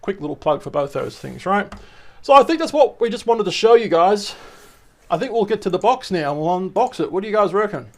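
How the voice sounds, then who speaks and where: Chatty Australian man, slightly high voice. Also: big pitch swings, fairly quick, a little hiss or hum. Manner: chatty, keeps asking "right?" and "okay?". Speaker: vlogger. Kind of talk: casual show-and-tell vlog.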